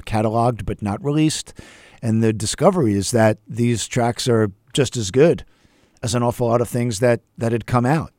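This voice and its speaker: A man hosting a music show, talking casually and with enthusiasm, now and then pausing on an "uh" or "um". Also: on the low side, a little mellow, no echo, clean studio sound. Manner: enthusiastic, chatty, with fillers. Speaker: host. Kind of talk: casual radio talk about music.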